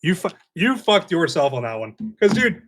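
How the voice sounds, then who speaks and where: A young man co-hosting a podcast in casual chat, telling stories in an animated way and swearing a lot. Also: a little high, normal speed, slight background noise. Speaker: podcast co-host.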